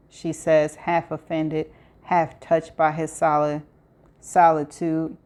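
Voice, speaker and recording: Give me a woman with a low voice reading a novel aloud at a steady pace. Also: measured pace. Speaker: audiobook reader.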